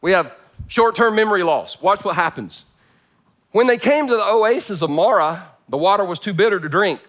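A man delivers a sermon to his congregation in a church, keeping it conversational with jokes. His voice sits a little high for a man. He jumps between loud, pointed emphasis and quiet, hushed lines. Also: animated, normal speed. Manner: conversational and joking, with sudden swings from loud to hushed. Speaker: pastor.

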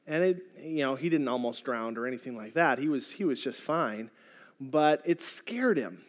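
A man's voice: mid-range voice, lively intonation, moderate pace. A middle-aged man preaching a sermon as a pastor, telling a personal story in an earnest, conversational way.

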